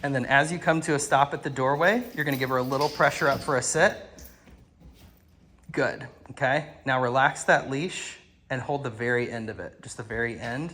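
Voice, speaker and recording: A man working as a dog trainer, coaching an owner outdoors with calm instructions and frequent praise. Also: mid-range voice, moderate pace. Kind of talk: hands-on coaching. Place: outdoors at a house doorway and yard.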